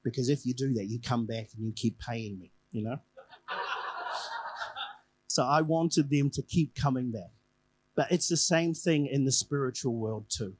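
A man's voice: mid-range voice, moderate pace, slight background noise, low-quality recording. A man preaching a conversational evening sermon, telling a personal story and repeating key phrases for emphasis.

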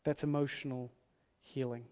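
A man preaching a sermon as pastor, earnest and emphatic, repeating key phrases slowly for weight. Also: mid-range voice, flat delivery, darkish tone. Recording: long hall reverb.

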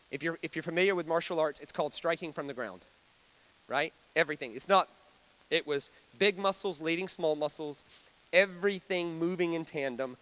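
A high-voiced man preaches with bright, forceful energy. He tells stories in a chatty way and asks the crowd questions. He swings from booming to hushed for drama. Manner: animated, dramatic preaching with sudden loud and soft swings; conversational, asks the audience questions. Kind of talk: storytelling sermon.

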